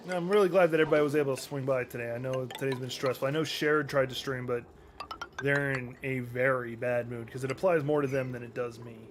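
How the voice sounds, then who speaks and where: A man talks loosely to his stream audience while playing a survival game. His voice sits at a middle pitch and stays relaxed and conversational. A steady hiss of noise runs behind him. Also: fast talker. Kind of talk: casual chat while gaming.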